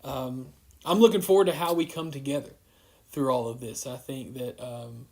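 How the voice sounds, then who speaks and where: A man's voice: mid-range voice, moderate pace, a little mellow. A man, giving a casual live-streamed devotional as a youth minister, rambling and wandering off on tangents.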